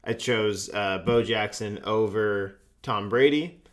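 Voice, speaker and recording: A man chatting casually among friends, rambling and halting as he recounts his picks. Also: lowish voice. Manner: rambling, halting with restarts and fillers. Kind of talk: casual chat.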